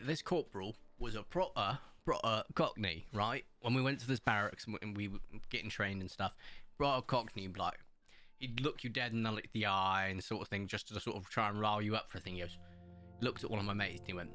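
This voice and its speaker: With a low-leaning, sharp-toned voice, a man chats casually while hosting community games on a livestream. His talk rambles from anecdote to anecdote and is packed with fillers.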